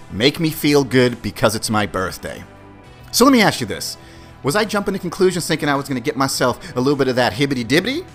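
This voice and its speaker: A male podcast host tells a story about himself in a loose, profane way and keeps calling his listeners "guys." His pitch leaps around as he moves from shouted disbelief to quiet grumbling. Soft music plays faintly in the background. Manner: swings from shouted disbelief to low mutters. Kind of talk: casual storytelling monologue.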